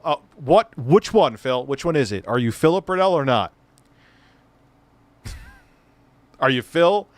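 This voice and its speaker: A man's voice: on the high side, very animated, slow pace, long pauses, no echo. Joking, profane man streamer. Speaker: streamer host reacting to a clip. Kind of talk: casual live-stream commentary.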